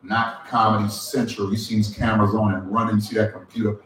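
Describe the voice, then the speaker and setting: A man's voice: on the low side, flat delivery, fairly quick, fairly bright tone. A man hosting a live event, playfully teasing guests and calling on the crowd for applause. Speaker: event host. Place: event room with an audience. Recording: echoey room, distant mic.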